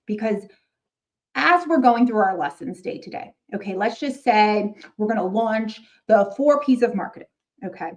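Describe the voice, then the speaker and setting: A woman's voice: medium pitch, animated, moderate pace. A woman with a New York accent, a middle school marketing teacher hosting her channel, chatting casually with fellow teachers. She keeps checking in with "okay?" and drops wry, joking asides.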